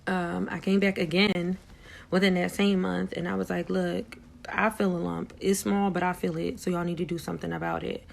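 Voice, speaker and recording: Young woman, low gravelly voice; frank, swears often, gets loud when recounting shocks. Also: level tone, normal speed, slight background noise. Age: young adult. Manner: blunt, frank, swears freely. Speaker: vlogger sharing her story. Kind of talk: candid personal storytelling.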